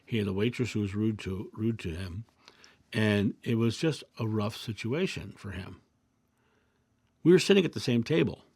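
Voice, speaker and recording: Man, casual storytelling monologue, reflective, gravelly fry, dry sound. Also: fairly low pitch, moderate pace, no echo. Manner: reflective, anecdotal, calm. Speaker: video host.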